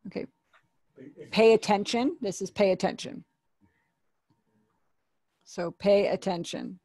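A woman's voice: mid-range voice, lively intonation, slow, pauses often, darkish tone, husky, no echo, clean studio sound. A woman teaching an online sign language class, patiently explaining and repeating each word.

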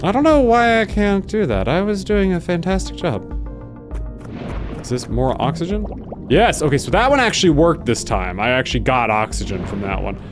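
Excitable man commenting on gameplay. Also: a little high, moderate pace, music in the background. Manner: excitable, sarcastic, jumping between mutters and yelps. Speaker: gaming video host. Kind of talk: casual let's-play commentary.

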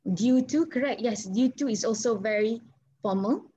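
A woman's voice: a little high, normal speed, warm tone, husky. A woman with a Malaysian accent teaching an online English class, switching between Malay and English and asking students questions. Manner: encouraging, asks students questions. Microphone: video call. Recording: slightly muffled video call audio.

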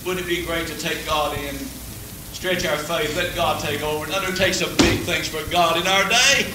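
This revival preacher's voice runs on the high side, and he speaks at a normal speed, folksy and full of humor. Chuckling often, he works his way up to fervent high points. It's an old, distant church recording with echo and a faint hiss, made during a service.

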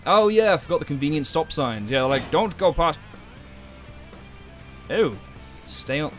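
A man's voice: mid-range voice, sing-song, a little slow, pauses often, faint music behind. A young man giving sweary, sarcastic commentary while playing a game as a let's play host. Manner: sweary, sarcastic, exasperated outbursts. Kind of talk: gameplay commentary.

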